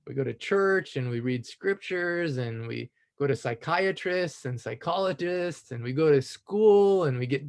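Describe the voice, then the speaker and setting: A man, around his thirties or forties, sharing a personal story in an animated, enthusiastic way, laughing often and filling pauses with "you know.". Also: on the high side, creaky. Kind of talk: casual testimonial storytelling.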